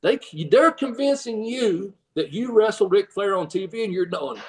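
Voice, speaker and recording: Older guy telling wrestling-fan stories, kinda high voice, laughs a lot, does the fans' voices. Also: lively intonation, normal speed, a bit bright, recorded from a distance, rough recording. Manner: rambling storyteller, laughs often, acts out fans' voices. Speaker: guest, former pro wrestler and trainer. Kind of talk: casual storytelling interview.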